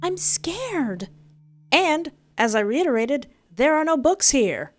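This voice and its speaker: A woman's voice: medium pitch, animated, measured pace, a little mellow, soft background music, close to an everyday voice. A woman voicing a frightened young female captive who pleads in a shaky, strained, raised voice. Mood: pleading.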